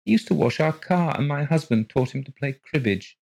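Male reader as an odd, vague middle-aged woman, voice pitched well up, absent and evasive. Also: expressive, fairly quick, gravelly, a little mellow.

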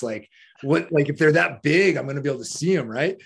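A man's voice: fairly high pitch, lively intonation, fast talker, gravelly, slightly rough. A man, a podcast guest, telling a story in a loose, casual way, swearing often, laughing along and filling his talk with "like". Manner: profane, laughing, heavy use of "like".

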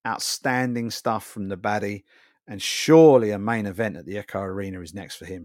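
A man's voice: lowish voice, fairly quick, darkish tone, dry recording, clean studio sound. A man hosting a fight recap show, summing up the night with emphatic enthusiasm. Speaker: podcast host.

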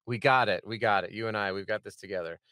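A man's voice: on the low side, quick pace, pushed and bright, smooth, no room sound. A man hosting a casual podcast interview, chatty and upbeat, with a joking manner. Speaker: podcast host.

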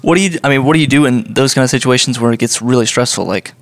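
A man's voice: medium pitch, quick pace, slight background noise. A man interviewing a chef, asking long rambling questions filled with "like".

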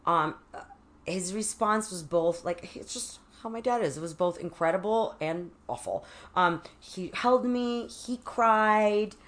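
A woman's voice: medium pitch, unhurried. A woman guest in a candid interview, speaking frankly and filling her talk with "like". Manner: frank, heavy use of "like", acts out quoted voices. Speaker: podcast guest, author.

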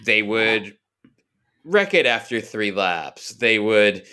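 A man's voice: fairly low pitch, animated, slow pace, sharp tone, clear, resonant tone. A man co-hosting a casual sports podcast, with a wry, rambling way of talking. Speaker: podcast co-host.

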